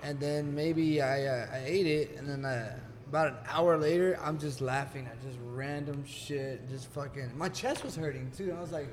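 A man's voice: on the high side, normal speed, few pauses. A man who is a podcast guest, telling laid-back, profane anecdotes in casual chat. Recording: reverberant room.

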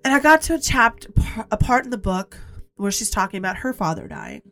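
A woman with a fairly high voice hosts a personal podcast monologue. She speaks with blunt, emphatic candor and drives her points home through repetition. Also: expressive, a little fast, fairly bright tone, soft background music. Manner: candid, emphatic storytelling with repetition; blunt, occasionally swears. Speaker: podcast host.

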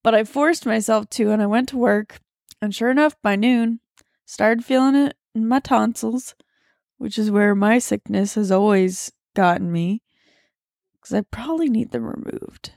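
A woman's voice: fairly high pitch, measured pace, gravelly, a little mellow, no room sound, studio quality. A woman co-hosting a casual podcast from home, rambling along with lots of fillers while lying on the floor. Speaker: podcast co-host.

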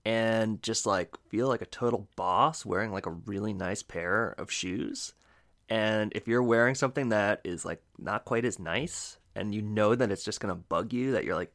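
Male podcast co-host, low-pitched, animated, emphatic, slangy. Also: moderate pace. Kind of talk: casual podcast chat.

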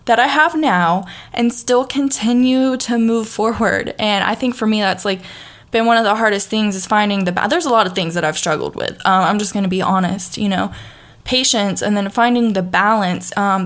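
A woman's voice: medium pitch, moderate pace. A young woman with a Southern accent talks through a casual motivational podcast monologue, full of fillers and restarts. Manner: chatty, frequent fillers and restarts, laughs easily. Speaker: podcast host.

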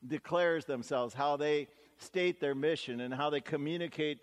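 A man's voice: on the high side, normal speed, big-room sound. A man preaching a sermon as pastor, talking in a conversational, folksy way with stories and asides.

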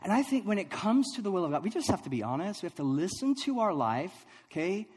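Man, pastor, sermon, husky, light self-mocking humor, long hall reverb. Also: high voice, fast. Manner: animated, self-deprecating storytelling with frequent laughter. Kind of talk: sermon with humorous personal story.

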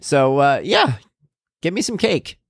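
A man's voice: fairly high pitch, big pitch swings, a little slow, gravelly, husky, no echo. Chatty male podcast host, dry close sound. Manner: chatty, upbeat, rambling asides. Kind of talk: casual chat.

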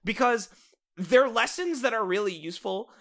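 A man co-hosting a casual podcast, reviewing a show in an animated, sarcastic rant with lots of swearing and restarts. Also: sits high, moderate pace.

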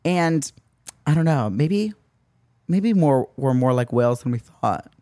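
A man's voice: mid-range voice, expressive, mellow, no room sound, clean studio sound. A young man hosting a podcast in casual chat, playful and teasing. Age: young adult. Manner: playful, joking, quick to tease. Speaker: podcast host.

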